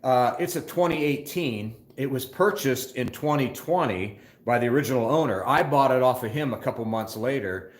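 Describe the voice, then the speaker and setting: A man's voice: medium pitch, normal speed, hardly any pauses, echoey room. An older man hosting a casual phone live stream from a motorcycle shop, chatting in a rambling, scattered way and reading viewer comments aloud. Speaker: motorcycle channel host.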